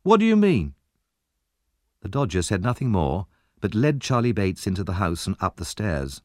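A male narrator reads a classic story aloud in an expressive, lively way. His voice sits fairly low but moves widely up and down, and the recording is dry, with no room sound around it. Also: moderate pace, dry recording.

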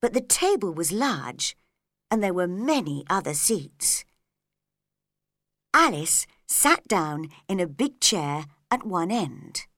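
A woman narrating a storybook in a slow, clear and expressive way. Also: lowish voice, dry recording, studio quality.

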